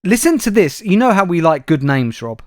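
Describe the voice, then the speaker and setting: A man reading news stories aloud on a comedy podcast, dry and wry in his delivery. His voice sits a little high for a man, and the sound is close and dry with no room echo. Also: big pitch swings, moderate pace. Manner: dry, wry delivery, addresses co-host by name. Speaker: podcast co-host.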